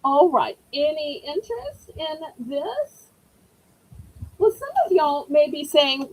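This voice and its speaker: A woman's voice: sits high, big pitch swings, takes it slowly, a little mellow, poor audio. A woman with a Southern accent hosting a live-stream auction, chatting in a folksy way and greeting viewers by name.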